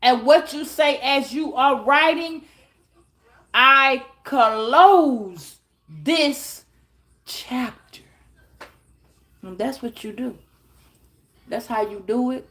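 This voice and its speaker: A high-voiced woman talks straight into her phone. She gives tarot advice bluntly and with plenty of swearing. She keeps breaking into acted-out little scenes. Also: moderate pace. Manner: blunt, profane, animated, acts out little scenes. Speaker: tarot reader. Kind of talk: casual advice monologue.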